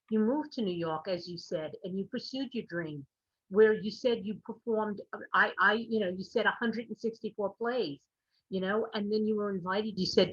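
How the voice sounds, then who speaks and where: A woman's voice: medium pitch, breathy edge, no room sound, highs cut off. A woman hosting a talk show, effusive and fond of recapping a guest's story before she asks her question. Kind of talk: interviewer's question.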